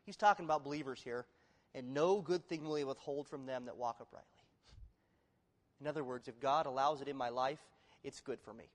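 Man preaching in a reverberant church hall. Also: fairly quick. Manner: emphatic preaching that swings from loud exclamations to low, hushed appeals. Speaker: pastor. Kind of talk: sermon. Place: church sanctuary. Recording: long reverb of a large hall.

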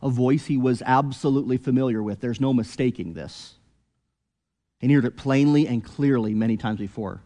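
A man preaching an expository sermon, earnest, rising to emphatic peaks and then dropping low and quiet. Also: normal speed, big-room sound.

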